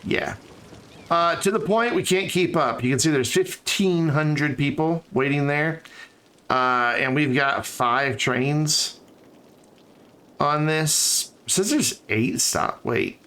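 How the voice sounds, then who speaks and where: While building in a city-building game on stream, a man chats casually and thinks out loud as a let's-play commentary. His voice is a little high and sharp in tone, with a slow pace.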